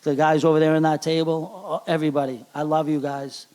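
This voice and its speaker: A middle-aged man with a Boston accent giving an emotional hall of fame acceptance speech at a banquet, halting and repeating words. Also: fairly high pitch, fairly even intonation, warm tone. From Charlestown, Boston.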